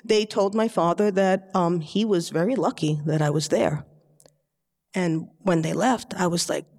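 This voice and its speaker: A woman from the Bronx telling a personal story to a live audience, chatty and animated, acting out her family members' voices. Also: lowish voice, normal speed, in a large hall. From the Bronx, New York City.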